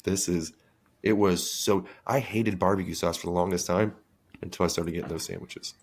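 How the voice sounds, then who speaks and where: Low-voiced male podcast co-host; casual, crude, animated storyteller. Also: moderate pace, breathy edge. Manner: animated, crude storytelling with excited jumps in pitch. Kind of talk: casual chat.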